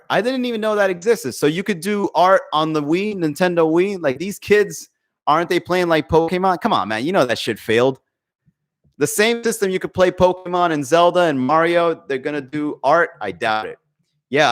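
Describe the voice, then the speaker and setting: Here a man with a fairly high, fairly bright voice talks expressively at a normal pace. He's hosting a comedy podcast as a casual livestream chat, full of rambling, swearing and frequent laughter.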